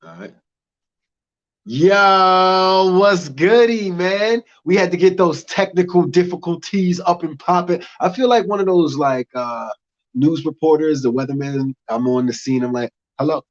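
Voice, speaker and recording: Animated young comedian, lo-fi audio. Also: male voice, on the high side, normal speed. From United States. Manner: loose, animated, punchy delivery. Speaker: stand-up comedian. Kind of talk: stand-up comedy set. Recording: dull lo-fi audio.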